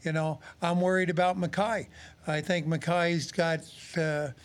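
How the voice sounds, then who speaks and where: A man in his sixties with a noticeably high voice talks football in a relaxed studio chat, unhurried and with a clean tone. Once a pro player and now a radio analyst, he tells his stories with lively, acted-out quotes.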